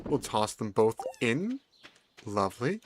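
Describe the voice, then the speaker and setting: Animated, playful man commenting on a game. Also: mid-range voice, slow pace, noisy background. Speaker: gaming video host.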